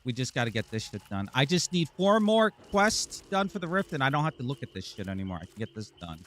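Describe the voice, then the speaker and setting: A man's voice: medium pitch, big pitch swings, fast, fairly bright tone. A man streaming a game live, rambling and joking to his chat with frequent laughs. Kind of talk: live gameplay commentary.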